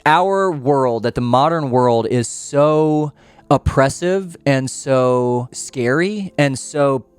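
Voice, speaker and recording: A man's voice: mid-range voice, slow, clean tone, no room sound, soft background music. A man hosting his own podcast, talking in a rambling, earnest way full of restarts and fillers. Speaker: podcast host. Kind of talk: casual rambling monologue.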